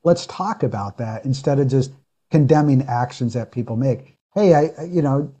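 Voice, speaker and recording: A man with an ordinary mid-range voice, speaking as a pastor who is a guest in a relaxed interview. He talks in an earnest, reflective way, circling back and restarting his sentences as he thinks them through. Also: mid-range voice, moderate pace. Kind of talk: casual interview storytelling.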